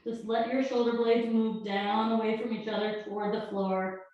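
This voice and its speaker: A woman yoga teacher calmly talking a class through breaths and poses, with gentle step-by-step cues. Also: on the high side, normal speed, highs cut off. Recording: very echoey room.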